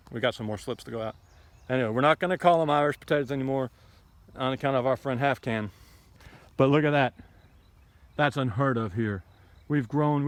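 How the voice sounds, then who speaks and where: A man of middle pitch walks through his garden outdoors and talks into the camera, blunt and opinionated, with plenty of ums and asides. The sound is close and dry, with no room echo. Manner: blunt, opinionated, rambling with frequent fillers. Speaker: homesteading vlogger. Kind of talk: casual ranting garden tour.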